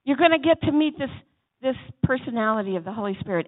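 A woman preacher delivering a sermon in a church chapel, swinging between loud exhortation and soft asides and calling on the congregation to answer. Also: on the high side, animated, fast. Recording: tinny phone-like sound.

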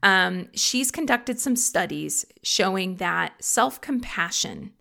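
A middle-aged woman hosting a reflective solo talk, earnest and gently confiding as she shares personal thoughts. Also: mid-range voice, vocal fry.

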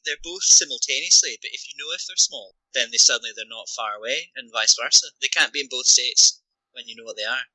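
Scottish guy, super bright sharp voice, lively, joking around, dry mic. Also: medium pitch, quick pace, no echo, low-quality recording. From Scotland. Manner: playful, lively. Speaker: podcast guest. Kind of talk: casual chat.

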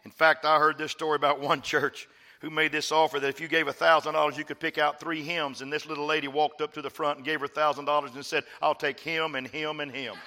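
A man from West Texas preaches from a church stage and calls on the congregation to repeat after him. His voice is high and sharp-edged. Long reverb from a large hall trails behind each phrase. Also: level tone, fast. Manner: preaching with call-and-response, emphatic. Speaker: pastor. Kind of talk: sermon.

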